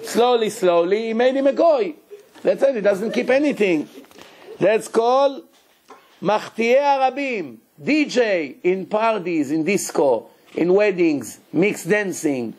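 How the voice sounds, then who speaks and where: High-voiced rabbi teaching a Torah lesson. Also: male voice, measured pace. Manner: animated, acts out quotes, in broken English.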